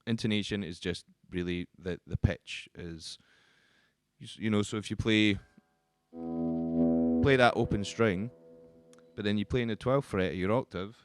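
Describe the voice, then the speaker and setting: A man who works as a guitar teacher, explaining the instrument in a relaxed, casual way with frequent ums and restarts. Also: on the low side, normal speed, long pauses.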